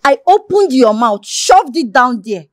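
An actress with a Nigerian accent playing a scheming, sharp-tongued woman who mocks a servant. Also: sits high, sing-song, measured pace, no room sound, clean studio sound. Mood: mocking. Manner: sarcastic, mocking. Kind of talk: film acting.

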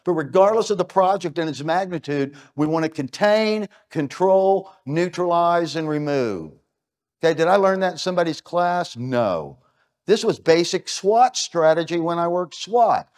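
A man's voice: a little high, expressive, moderate pace, a little mellow. A middle-aged American man giving a conference keynote in a punchy, emphatic way, full of rhetorical questions. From United States. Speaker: keynote speaker. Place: stage at an event.

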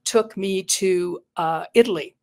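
A middle-aged woman, a retired psychotherapist and coach, shares a personal story in an interview with an earnest, reflective air. Her voice is mid-range and a little mellow, her pace measured, and she repeats words as she thinks.

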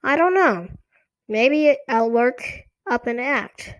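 A woman's voice: a little high, lively intonation, slow, highs cut off, pitched above the performer's own voice. A woman voicing a cheerful girl who loves puppets in a storybook reading, speaking eagerly and insistently.

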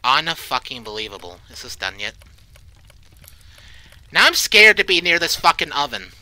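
Jumpy cursing man, bright tense voice. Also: fairly high pitch, very animated, moderate pace, no room sound. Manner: jumpy, swears often, shrieks when startled. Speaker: let's play creator. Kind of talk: horror game commentary.

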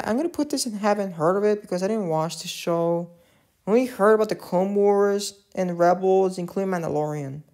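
Halting, chatty woman vlogger. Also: medium pitch, darkish tone. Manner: halting, with many restarts and self-corrections. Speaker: vlogger ranking films. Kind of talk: casual unscripted commentary.

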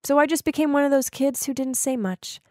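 Higher-pitched woman narrating a story. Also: steady tone, brisk, mellow, no room sound, studio quality. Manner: confessional, conversational storytelling. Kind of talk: first-person animated story narration.

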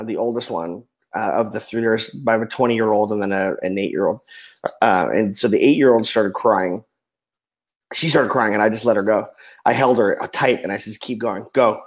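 A man in his forties speaking as a podcast guest, earnest and emotional, often trailing off softly. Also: fairly low pitch, moderate pace, poor audio. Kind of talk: candid personal storytelling.

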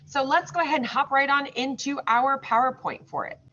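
A woman teaching second graders, sounding out words slowly and patiently. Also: high voice, pushed and bright. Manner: slow, drawn-out modeling of words. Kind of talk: recorded classroom lesson. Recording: slightly dull lo-fi recording.

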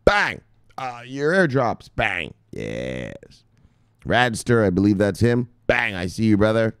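A man's voice: lowish voice, slow, clear, resonant tone, no echo, clean studio sound. Hyped-up, profane male crypto vlogger. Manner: excitable, profane, shouting "bang" at viewers. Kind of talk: casual hyped-up commentary.

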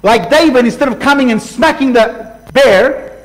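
A man preaching a sermon passionately, swinging from loud outbursts to hushed lines and acting out voices. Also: extremely high pitch, moderate pace, poor audio. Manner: acts out voices for illustration. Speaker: pastor.

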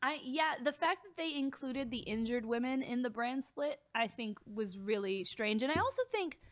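A woman co-hosting a wrestling talk show in casual chat, opinionated and quick to laugh. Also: high voice, expressive. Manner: opinionated, chatty, laughs easily.

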